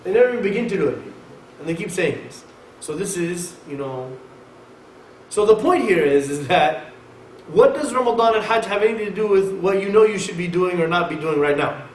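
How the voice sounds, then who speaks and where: A man giving a conversational sermon at a mosque, lecturing in an emphatic, animated way. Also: sits high, brisk. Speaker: mosque speaker. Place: mosque hall. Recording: echoey hall, mic far off, faint hiss.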